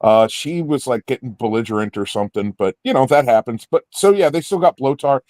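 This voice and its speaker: A young man from Indiana, chatting casually and telling rambling, animated stories with plenty of swearing. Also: mid-range voice, fairly quick, no echo. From Indiana, USA. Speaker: podcast co-host. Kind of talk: casual chat, storytelling.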